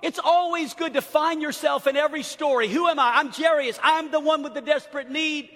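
A middle-aged male pastor preaches with impassioned delivery. His voice sits very high and rings bright and forceful. The church hall gives a long reverb. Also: steady tone, a little fast. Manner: impassioned preaching, swings from hushed to shouting. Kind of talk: sermon. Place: church sanctuary.

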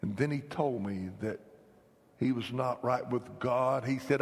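A man from North Carolina, preaching an emphatic revival sermon that swings between loud, shouted lines and hushed whispers. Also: mid-range voice, fairly even intonation, slow, big-room sound. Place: church sanctuary.

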